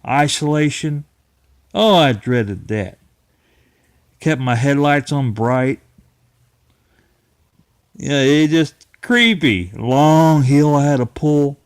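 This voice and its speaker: Slow folksy middle-aged storyteller. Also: male voice, a little high, clear, resonant tone, dry recording, clean studio sound. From Ohio-Kentucky area. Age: 50s. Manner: rambling, folksy, chuckling, restarts often. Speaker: channel host. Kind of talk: casual storytelling monologue.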